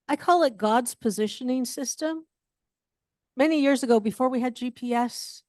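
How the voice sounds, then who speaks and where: A woman's voice: fairly high pitch, a little mellow, dry recording, studio quality. A woman giving a conversational sermon at a church service, candid and self-deprecating, with humorous asides. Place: church sanctuary.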